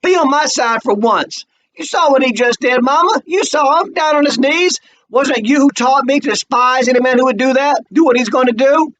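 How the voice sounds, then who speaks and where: A man reading a play aloud, voicing a sharp-tongued, scornful young woman with cutting retorts. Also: high-pitched, slow. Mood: indignant.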